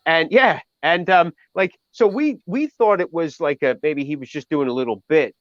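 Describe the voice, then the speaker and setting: Male guest, rambling storyteller, slightly higher voice, dry muffled lo-fi sound. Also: moderate pace, no echo. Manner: rambling, full of fillers and restarts. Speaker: guest musician. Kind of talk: casual storytelling.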